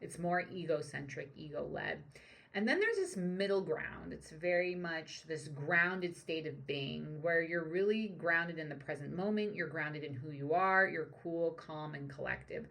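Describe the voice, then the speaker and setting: Woman, young adult, leadership coach doing solo commentary; deep, fry-heavy voice, reflective with lots of "like" and "um.". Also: animated, a little slow, a bit bright. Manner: reflective, analytical, frequent "like" and "um". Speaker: leadership coach and podcast host. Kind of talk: solo commentary on current events.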